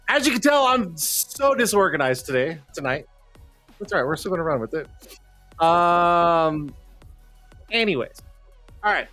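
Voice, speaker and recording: A man's voice: fairly high pitch, very animated, unhurried, long pauses, pushed and bright. A man hosting a casual live stream, talking loosely and swearing freely, a little out of breath. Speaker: livestream show host. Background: faint background music.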